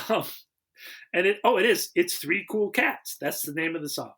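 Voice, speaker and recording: A man co-hosting a casual movie review chat, recapping the plot in an animated way and laughing often. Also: high voice, moderate pace. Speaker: podcast co-host.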